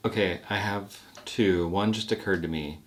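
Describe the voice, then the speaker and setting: Fairly low-voiced man retelling scenes. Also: moderate pace. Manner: relaxed storyteller, laughs often. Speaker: guest. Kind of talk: casual chat about a TV show.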